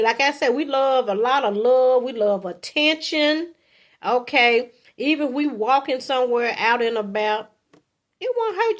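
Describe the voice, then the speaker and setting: Coughing from her allergies, a woman in her fifties offers relationship advice to camera in a folksy, chatty manner, regularly checking in with "okay" and performing sweet lines to a partner in a high voice.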